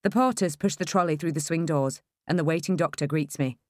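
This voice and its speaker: Female audiobook narrator, wry expressive first-person read, lower register. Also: a little fast, no echo, studio quality.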